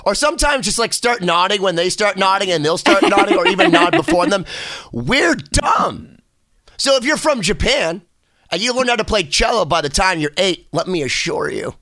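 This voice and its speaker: A man co-hosting a podcast, joking and animated, acting out voices in casual chat. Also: high-pitched, fairly quick, dry recording, clean studio sound. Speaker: podcast co-host.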